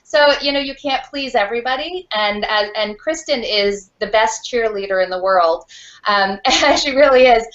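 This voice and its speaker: A woman's voice: fairly high pitch, moderate pace, fairly bright tone. A woman author speaking frankly and outspokenly in a video call interview, with lots of fillers. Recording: dull lo-fi video call audio.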